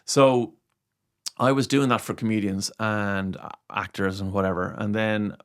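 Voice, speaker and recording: A man's voice: lowish voice, a little slow, clear, resonant tone. A middle-aged Irish man, a radio presenter, telling stories animatedly in a casual interview. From Ireland. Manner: animated storyteller, acts out quoted voices.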